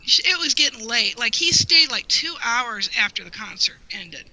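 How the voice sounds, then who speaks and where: Bright-voiced woman telling a heartfelt story. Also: on the high side, lively intonation, normal speed, creaky, rough recording. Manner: heartfelt, rambling with frequent "you know". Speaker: guest, longtime fan. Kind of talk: personal storytelling in an interview.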